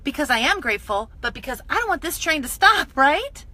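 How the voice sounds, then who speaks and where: A woman's voice: high voice, sing-song, fairly quick, pushed and bright, dry recording. A woman giving an enthusiastic, emphatic motivational talk on a live stream from her phone, repeating her points for emphasis. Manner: enthusiastic, emphatic, builds with repetition. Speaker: direct-sales business mentor.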